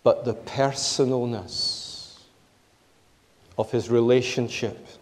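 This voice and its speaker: A man preaching a sermon in a measured, emphatic way, repeating his key phrases. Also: medium pitch, fairly even intonation, big-room sound.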